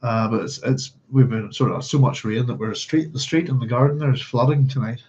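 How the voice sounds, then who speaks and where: Man, chatty book club host, rambles casually, mid-pitched, slightly muffled lo-fi stream audio. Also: fairly even intonation, a little fast, darkish tone, a little hiss or hum. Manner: rambling, chatty, hums to himself. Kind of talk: casual livestream chat and reading.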